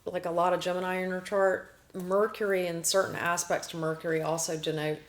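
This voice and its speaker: A woman hosting a casual talk show, explaining ideas in lists with quick restarts. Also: lowish voice, level tone, slight background noise. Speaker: astrology show host.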